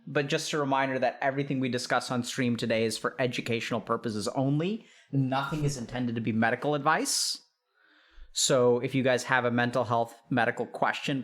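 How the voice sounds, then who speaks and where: Man, livestream host, casual chat, playful, upbeat, middle pitch. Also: a bit bright. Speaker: streamer and psychiatrist host.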